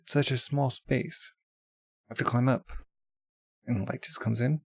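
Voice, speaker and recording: A man's voice: medium pitch, fairly even intonation, moderate pace, gravelly, breathy edge, dry recording. A man casually commenting while reading a manga, rambling with many fillers. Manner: rambling, full of "like" and laughs. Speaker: manga reaction vlogger.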